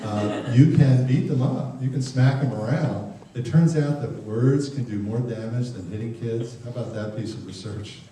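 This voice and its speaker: A man giving a humorous talk to parents, acting out quick exchanges between parents and teens. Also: mid-range voice, dark tone, slight background noise. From Ireland. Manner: jokey, acts out parents and teens in quick voices. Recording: far, echoey hall recording.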